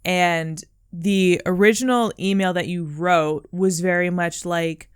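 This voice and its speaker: A woman's voice: on the low side, fairly even intonation, slow pace, smooth. A young adult woman co-hosting a podcast, chatting casually in an earnest, encouraging way, full of "like" and "um". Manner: earnest, encouraging, heavy use of "like" and "um". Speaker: podcast co-host. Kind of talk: casual chat.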